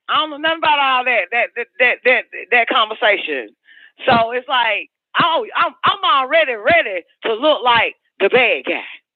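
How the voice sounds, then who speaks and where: High-voiced, profane radio host. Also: male voice, no echo. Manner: profane, rambling and emphatic, repeats phrases. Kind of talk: live call-in radio monologue. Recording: dry, phone-like radio sound.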